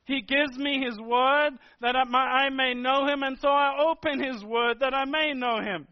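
A man with a very high voice preaches a sermon, pressing each point with repeated, emphatic phrases. The recording sounds dull and lo-fi. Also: steady tone, normal speed, smooth. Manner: emphatic, repetitive preaching cadence.

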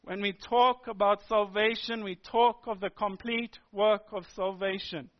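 A man's voice: high voice, steady tone, unhurried. A man preaching a sermon with an emphatic, repetitive cadence that builds through restated phrases. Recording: dull lo-fi sermon recording.

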